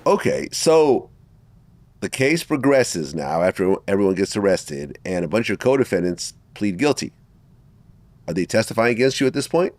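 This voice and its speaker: A man's voice: fairly low pitch, sing-song, normal speed, a little mellow. A man hosting an interview who sums up the case and asks short questions. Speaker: interview host.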